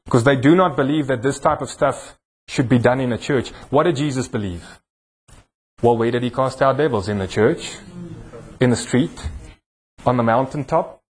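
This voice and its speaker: A husky man with a South African accent preaches a sermon in a church, with a voice pitched a little high. He teases a volunteer with a playful humor and builds emphasis as he preaches. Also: a little mellow. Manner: jokey, teasing with a volunteer, preaching with rising emphasis. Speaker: pastor. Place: church hall.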